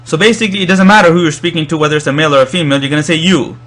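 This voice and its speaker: A man's voice: fairly high pitch, fairly even intonation, rapid-fire, fairly bright tone. A man explaining Arabic verb grammar in a lecture, often restarting and repeating words as he thinks. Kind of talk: recorded lecture.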